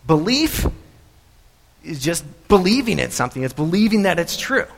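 A man's voice: sits high, sing-song, moderate pace, creaky, long reverb tail. A male pastor giving a sermon in a church, talking in a loose, conversational way full of fillers and restarts. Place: church sanctuary.

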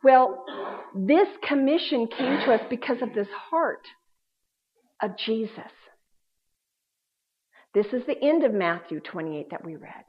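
Woman preaching, bit high voice, gets loud then goes real soft, muffled lo-fi sound. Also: a little slow, long pauses, breathy edge. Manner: expressive, swings from loud emphasis to hushed tones. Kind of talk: sermon. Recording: dull lo-fi sound.

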